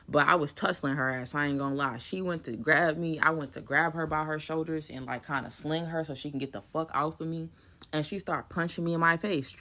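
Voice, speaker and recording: A young woman tells a story as a blunt, heavily profane rant. Her voice is gravelly and edged with fry, and her delivery is forceful and tense. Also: rumbling low.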